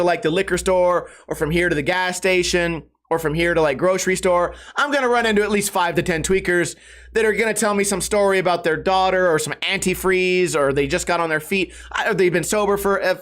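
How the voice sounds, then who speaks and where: High-voiced man rambling through a story. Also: a bit bright. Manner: profane, rambling, self-mocking storytelling; raises pitch sharply when acting out others. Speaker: podcast host. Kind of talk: casual storytelling monologue.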